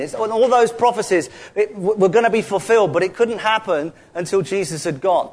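Preaching in a conversational, chatty way, a middle-aged Londoner fills his sermon with rhetorical questions and side remarks. He talks fairly quickly with few pauses, in a high-sitting voice with a darkish tone.

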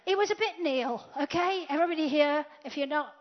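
A woman preaching a sermon, swinging from loud declarations to hushed whispers. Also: high-pitched, fairly quick. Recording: dull lo-fi sound.

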